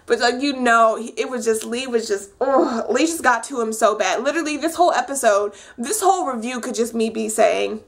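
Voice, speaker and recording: A young woman casually recapping a reality dating show for her viewers, chatty and animated, with lots of fillers. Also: a little high, a little fast, vocal fry, few pauses. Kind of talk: casual chat.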